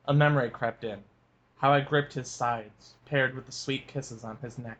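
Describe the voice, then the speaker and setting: A man's voice: mid-range voice, steady tone, moderate pace, a bit bright. A man co-hosting a fanfic review, chatting casually and joking, then reading passages aloud. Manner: joking, laughs often.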